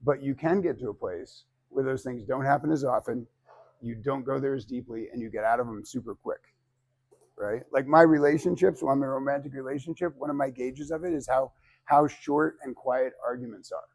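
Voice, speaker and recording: A man's voice: medium pitch, a little fast, darkish tone. A man teaching a public speaking class, talking casually and animatedly, acting out quoted voices and swearing freely. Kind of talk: informal class lecture.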